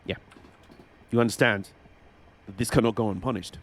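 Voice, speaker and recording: A man's voice: lowish voice, fairly even intonation, moderate pace, creaky, voice pushed down. A man voicing a stern team boss in a mock-serious, menacing tone, giving orders.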